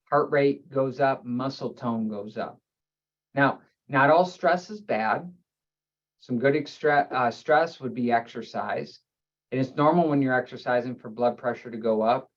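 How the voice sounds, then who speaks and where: A man who works as a chiropractor, giving a health webinar presentation and explaining terms in steady lists. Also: mid-range voice, unhurried, highs cut off.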